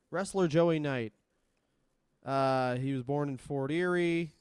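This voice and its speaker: Profane rambling man, smooth dry voice. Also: on the high side, slow, a little mellow, no echo. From Canada. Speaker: podcast co-host. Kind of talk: casual comedic chat.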